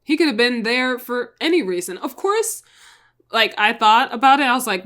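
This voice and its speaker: A woman's voice: fairly high pitch, lively intonation, moderate pace, a bit bright. A chatty woman casually retelling a crime story, full of "like" and asides to viewers. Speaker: storytelling vlogger.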